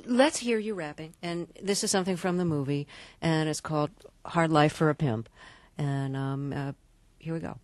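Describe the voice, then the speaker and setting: A woman hosting an interview, asking questions in a measured way and trailing off softly. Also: sits low, slight background noise. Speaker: interview host. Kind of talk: radio interview.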